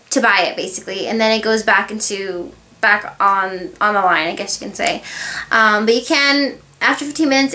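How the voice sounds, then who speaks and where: A woman's voice: on the high side, pushed and bright. A woman talking casually in a beauty haul video, rambling and chatty with many asides. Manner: rambling, chatty, full of filler words and asides. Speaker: beauty vlogger. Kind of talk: casual haul review chat.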